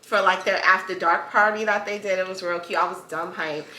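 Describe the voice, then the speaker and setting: This podcast host's voice is fairly low and bright yet forceful, with fairly even intonation and a slightly fast pace. She chats casually, filling her story with filler words, in an echoey room.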